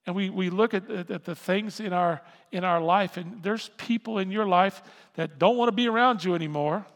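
Man, pastor preaching a sermon, high gravelly voice, animated delivery that climbs to loud emphasis, long hall reverb. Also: normal speed.

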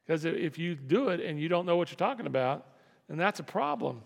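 A man's voice: fairly high pitch, big pitch swings, fairly quick, vocal fry. A man preaching a sermon as pastor, talking in a conversational way that repeats and restarts phrases. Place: church sanctuary. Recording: long reverb of a hall.

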